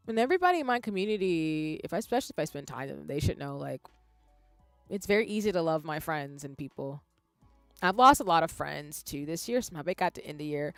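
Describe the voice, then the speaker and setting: A woman streamer chatting casually with her viewers, expressive and swinging from soft-spoken to loud exclamations. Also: sits low, fairly quick, creaky, dry recording, clean studio sound, faint music behind.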